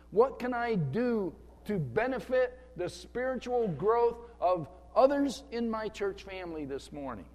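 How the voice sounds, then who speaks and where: A man preaching with deliberate, unhurried phrasing and a slightly raised voice. He talks conversationally, voicing a churchgoer's inner thoughts, while his words ring through the long reverb of a church hall. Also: sits high. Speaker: pastor. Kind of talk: sermon. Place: church sanctuary.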